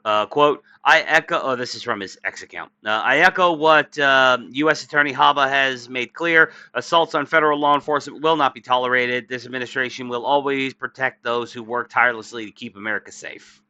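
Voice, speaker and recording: A man's voice: mid-range voice, a little fast, few pauses, bright, forceful tone, dry recording, muffled recording. Tired, crude man reading the news. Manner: crude, sarcastic, stumbling over reading with many uhs. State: tired, yawning. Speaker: political commentary channel host. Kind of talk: profane political commentary, reading news aloud.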